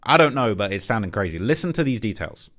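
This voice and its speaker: A man's voice: on the low side, sing-song, fast, over loud music. A man hosting, walking viewers through video footage in a conspiratorial, hinting commentary style. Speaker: host. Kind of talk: casual commentary.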